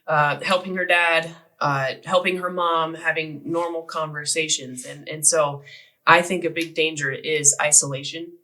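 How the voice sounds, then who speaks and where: A man speaking from a church stage, telling a story in a conversational, halting way. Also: on the high side, fairly even intonation, sharp tone, rough recording. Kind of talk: sermon storytelling.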